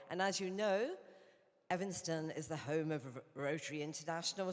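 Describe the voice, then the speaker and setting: A woman from England with a British accent giving a chatty, anecdotal conference speech as a Rotary International director. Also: fairly low pitch. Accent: British English. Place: conference hall. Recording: reverberant hall.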